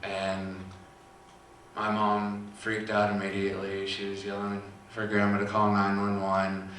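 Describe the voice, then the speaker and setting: A young man telling a personal story in a halting, quiet way with long pauses. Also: lowish voice, a little hiss or hum. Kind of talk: personal testimony. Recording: echoey room from far off.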